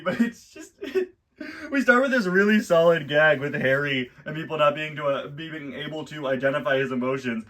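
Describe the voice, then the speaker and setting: A man's voice: a little high, lively intonation, normal speed, pushed and bright. A man casually commenting on a children's book and reading bits aloud, chatty and wry with frequent asides. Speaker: host reviewing a children's book.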